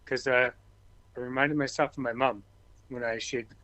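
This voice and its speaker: A man's voice: medium pitch, steady tone, moderate pace, sharp tone, dry recording. Easygoing joking man on a call. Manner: easygoing, joking, brief replies. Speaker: regular guest. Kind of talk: casual chat.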